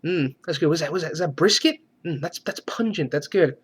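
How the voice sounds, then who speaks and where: Man putting on a crude soldier, savoring, low murmur, slightly high voice. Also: expressive, brisk, husky.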